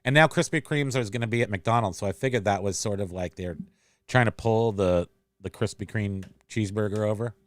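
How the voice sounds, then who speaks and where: A man's voice: on the low side, a little fast, dry recording. A man hosting a livestream in a casual, rambling chat, reading out and answering viewer comments. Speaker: livestream host.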